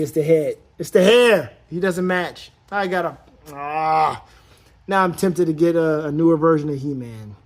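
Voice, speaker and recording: Male toy reviewer, casual and rambly, a bit high-voiced. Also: measured pace. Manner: rambling and playful, thinks aloud while posing the figure. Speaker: toy collector reviewing action figures.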